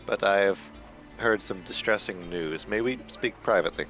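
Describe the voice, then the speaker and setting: A man's voice: low voice, moderate pace, fairly bright tone, soft background music. A man voicing an earnest young traveler who speaks formally and hesitantly. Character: earnest young male traveler returning to a temple. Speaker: player. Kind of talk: in-character tabletop roleplay.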